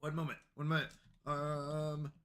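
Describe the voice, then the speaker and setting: A man's voice: on the high side, monotone, a little slow, a bit bright. A man livestreaming a game, talking casually to his chat in a flustered, apologetic way and repeating himself. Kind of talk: casual live gaming stream chat.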